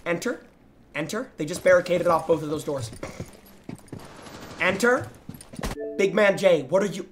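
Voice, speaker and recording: A young man streaming live, loudly reacting to viewer gameplay clips, teasing and excitable, swinging between shouting and muttering. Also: high voice, measured pace, pauses often, slight background noise.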